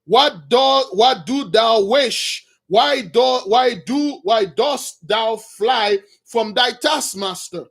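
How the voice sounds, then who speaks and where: A man voicing a stern but not cruel ancient prince who speaks in an archaic, measured way. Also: very high voice, a bit bright, slightly rough, exaggerated voice. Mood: questioning.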